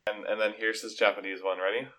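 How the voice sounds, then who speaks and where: A man with a lowish voice hosting a casual podcast. He sets up clips and patiently explains what they mean. He breaks into laughter often between his explanations. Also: flat delivery, quick pace, bright, forceful tone. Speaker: podcast host presenting clips. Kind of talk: casual chat.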